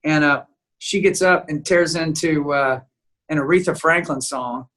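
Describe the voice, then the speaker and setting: A man being interviewed as a guest songwriter, telling an animated story and acting out the dialogue. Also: fairly high pitch, unhurried. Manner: lively storyteller who acts out quoted dialogue. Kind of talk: animated storytelling in casual chat.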